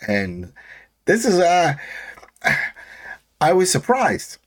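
A man's voice: sits high, huge pitch swings. A man in a casual recap chat, talking in loose, rambling sentences and acting out characters' lines. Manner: rambling, acts out characters' lines in quick voices. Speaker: podcast co-host.

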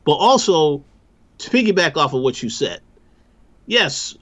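A man co-hosting a podcast, offering measured, agreeable commentary in casual chat. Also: fairly high pitch, big pitch swings, a bit bright. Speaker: podcast co-host. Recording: dull lo-fi audio.

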